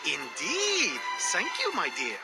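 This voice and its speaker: A man voicing a jovial middle-aged male cruise passenger in a game, hearty and flattering. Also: a little high, extremely slow, over music, heavily acted.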